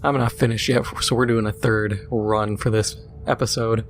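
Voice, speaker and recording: A man's voice: lowish voice, flat delivery, normal speed, soft background music. Sarcastic man ranting over gameplay. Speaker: gaming video host. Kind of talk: casual gaming commentary while playing.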